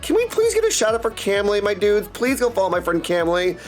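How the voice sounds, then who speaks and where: A man chatting excitably with his viewers on a live stream, full of catchphrases. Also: high voice, fairly quick, faint music behind. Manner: excitable, chatty, keeps saying my dudes. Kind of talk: casual live-stream chat.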